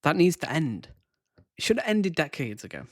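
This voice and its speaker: A man's voice: fairly high pitch, very animated, normal speed, no echo. A man casually commenting on a debate clip he is reacting to, with critical, conversational asides.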